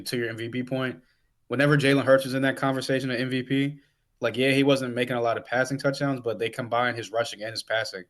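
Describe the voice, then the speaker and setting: A man co-hosting a sports podcast who talks in casual chat, rambling with lots of "like"s and "um"s. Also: mid-range voice. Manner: rambling, many "like"s and fillers. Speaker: podcast co-host.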